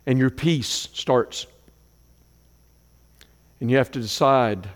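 A man preaching a sermon as a pastor, moving between loud declarations and hushed prayer. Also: medium pitch, steady tone, moderate pace, long pauses. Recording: long hall reverb.

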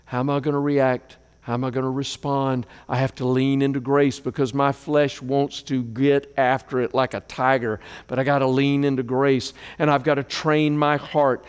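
A man preaching a sermon as a pastor, moving between loud declarations and hushed prayer. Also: medium pitch, little pitch movement, normal speed, hardly any pauses, smooth. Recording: long hall reverb.

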